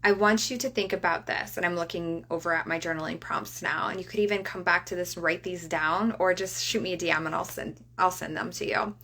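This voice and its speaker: A woman coach in a casual motivational talk, often asking "right?", who slows down to lead guided breathing. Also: lowish voice, fairly even intonation, gravelly, pushed and bright, slightly rough. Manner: chatty, tags sentences with "right?"; leads slow guided breathing. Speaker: reiki coach.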